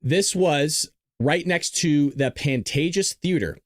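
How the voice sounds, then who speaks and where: Guy hosting his own podcast, kinda high voice, rambly and chatty, dry room. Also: slow pace, no room sound. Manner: rambling, talks straight to viewers. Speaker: podcast host. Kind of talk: casual commentary over video clips.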